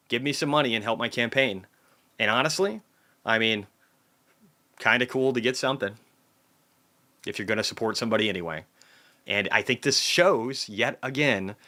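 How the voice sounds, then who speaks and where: A man with a medium-pitched, pushed, bright voice hosts a market recap livestream. He rants casually with heavy profanity, reads viewer comments aloud, and breaks into heated outbursts.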